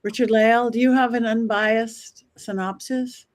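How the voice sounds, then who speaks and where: A woman's voice: a little high, steady tone, unhurried. A woman hosting a panel podcast, introducing guests in an upbeat way. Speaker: podcast host.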